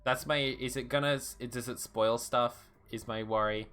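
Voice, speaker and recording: A man's voice: mid-range voice, fairly even intonation, normal speed, a bit bright, smooth. A man streaming a story game and making casual, joking, self-deprecating commentary as he reads the text aloud. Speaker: let's-play streamer.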